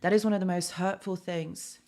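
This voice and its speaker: A woman's voice: fairly low pitch, steady tone, normal speed, dark tone. A woman hosting a live stream, talking casually to her chat, with many fillers and tag questions.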